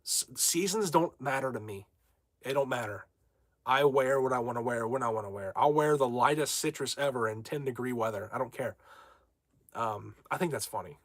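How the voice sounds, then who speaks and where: A man's voice: medium pitch, moderate pace, no room sound. Young man, casual livestream chat, brash and rambling, mid-range voice, dry close sound. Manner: brash, rambling, reads viewer comments aloud. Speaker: livestream host.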